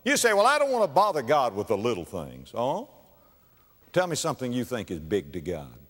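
A man preaching a sermon, dramatic, swinging from hushed tones to loud exclamations in a church. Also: medium pitch, huge pitch swings, a little fast, breathy edge. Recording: long reverb of a large hall.

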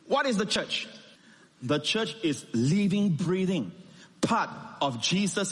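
Male pastor, higher-pitched voice, emphatic sermon delivery, long hall reverb. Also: fairly bright tone. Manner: emphatic preaching, rising and falling with stressed words.

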